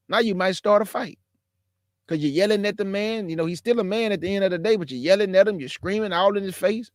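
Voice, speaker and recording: He talks fast in a high voice, and the studio-quality audio carries no room sound. In his forties, he phones into an online religious discussion with a casual, emphatic preaching style, calling listeners bro and y'all.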